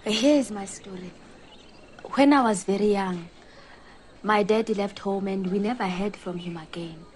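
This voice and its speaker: An actress playing an earnest, polite woman with a Botswanan accent, quietly telling her troubles. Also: medium pitch, moderate pace, a little hiss or hum, close to an everyday voice. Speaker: client. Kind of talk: TV drama acting.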